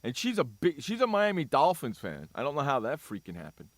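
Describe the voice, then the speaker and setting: Man, sports radio host, high voice, wildly swinging pitch, excitable ranting. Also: brisk, no room sound. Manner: animated, ranting, swears mildly with "freaking".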